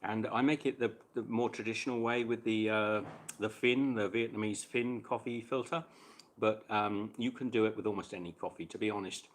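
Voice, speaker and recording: A man's voice: fairly low pitch, fairly even intonation, moderate pace. A man hosting a casual live stream chat while cooking, chatting between bites and answering viewers' questions.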